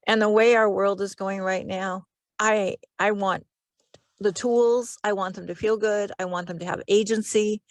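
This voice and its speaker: An earnest woman hypnotherapist talks on a video call and repeats phrases as she builds her point. Her voice is at a middle pitch. The sound is dry, with no room echo. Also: fairly even intonation, a little slow. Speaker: hypnotherapist guest. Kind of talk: casual video call chat.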